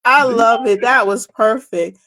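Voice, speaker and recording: A woman's voice: on the high side, unhurried, a loud crowd. A woman co-hosting a podcast, asking playful questions and encouraging the guest. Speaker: podcast co-host. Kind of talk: casual podcast interview.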